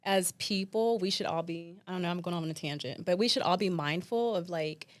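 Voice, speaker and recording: A woman's voice: on the low side, brisk. Emotional, giggly woman. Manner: emotional, laughs often, lots of "like". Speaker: podcast co-host. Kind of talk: casual chat.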